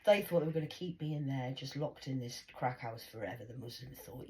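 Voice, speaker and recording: A woman's voice: rumbling low, fairly quick, few pauses, darkish tone. A middle-aged woman with a Geordie accent, telling a rambling, sweary story in a casual monologue. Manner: rambling, sweary, jumping between voices.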